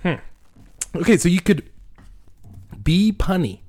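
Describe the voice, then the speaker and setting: A man's voice: mid-range voice, sing-song, normal speed. A man co-hosting a casual podcast chat, joking around and reading items off a list, with the hiccups. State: has the hiccups. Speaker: podcast co-host.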